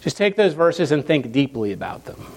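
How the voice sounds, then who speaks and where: A man's voice: on the high side, sing-song, moderate pace, a little hiss or hum. A man preaching a sermon to his congregation in an earnest, emphatic way, stacking phrases in lists and repeating them for weight. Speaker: pastor.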